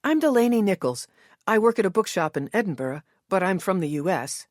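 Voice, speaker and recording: A woman's voice: medium pitch, expressive, a little fast, dry recording, studio quality, pitched above the performer's own voice, lightly acted. A woman voicing an earnest young American bookshop worker, asking questions eagerly and a little breathlessly. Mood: friendly. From United States.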